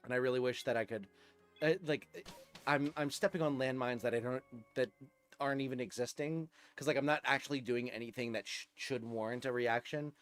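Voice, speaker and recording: Brief: young male streamer, mid-pitched, casual rambling chat, soft coos, faint game music behind. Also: fairly even intonation, brisk. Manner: soft cooing to his dog, rambling with many fillers.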